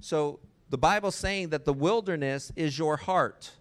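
A man's voice: a little high, unhurried. A man preaching a sermon in a conversational way, often asking the listeners rhetorical questions.

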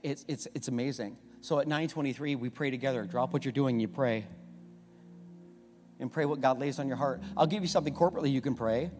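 A male pastor preaching a sermon, swinging from hushed asides to loud, repeated calls. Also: mid-range voice, brisk, faint music behind. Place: church sanctuary. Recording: long reverb of a church hall.

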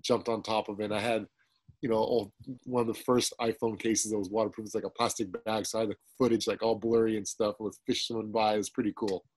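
A man in casual conversation, telling a story in a relaxed way. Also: lowish voice, quick pace, husky, no room sound, rough recording. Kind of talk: casual chat.

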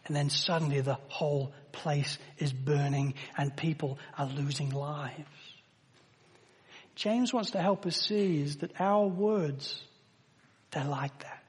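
An English man preaching a sermon to a congregation, emphatic, slowing down to stress words and rising in volume at key points. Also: on the high side, slight background noise. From England. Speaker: pastor. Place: church hall with long reverb. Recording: reverberant church hall.

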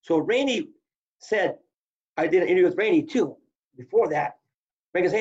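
An older man and former wrestler, telling stories in an animated way and acting out what others said. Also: a little high, fairly quick, long pauses, husky, recorded from a distance, highs cut off. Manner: animated storyteller, acts out quotes. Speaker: former college wrestler, guest. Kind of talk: storytelling interview chat.

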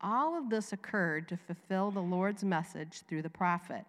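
A woman with a Southern US accent co-leading a sermon, reading scripture and preaching in an animated way. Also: on the low side, normal speed, big-room sound.

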